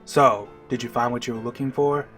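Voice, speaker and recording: A man reading the lines of a composed female knight from a video game in an even, measured way. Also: mid-range voice, soft background music, close to an everyday voice. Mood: curious.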